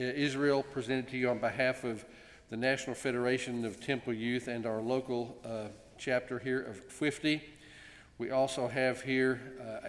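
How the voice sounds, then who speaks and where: Man, congregation president, mid-pitch, gently joking ceremonial speech, reverberant sanctuary. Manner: warm, gently joking, with frequent pauses. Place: synagogue sanctuary. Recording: long reverb in a large sanctuary.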